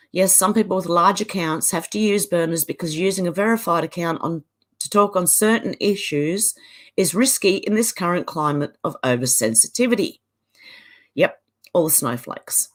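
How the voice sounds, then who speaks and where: A woman with an Australian accent hosting a casual livestream, chatting and laughing as she reads viewer comments aloud. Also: fairly low pitch. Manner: chatty, laughs often, Aussie slang. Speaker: livestream host.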